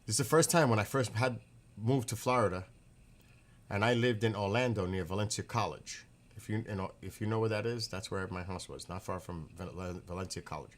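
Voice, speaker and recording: A man's voice: on the low side, brisk. A middle-aged man from the northeastern US telling rambling, profane stories in a casual monologue. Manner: rambling, profane, animated retelling.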